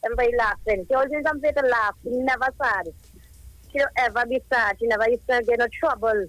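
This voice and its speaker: A Trinidadian woman in her thirties speaks down a phone line on a live radio show. Her voice sits fairly high and sounds dry and close. She talks in long, grief-laden, rambling runs. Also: fast, fairly bright tone, no room sound. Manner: grieving, rambling, emotional storytelling. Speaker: caller, cousin of a child who died. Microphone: telephone.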